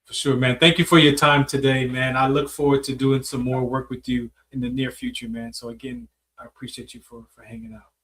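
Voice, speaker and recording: A man's voice: medium pitch, brisk, hardly any pauses, a bit bright, far from the mic. A man hosting an interview, telling a story in a reflective, casual way with lots of "like" and "man". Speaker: host.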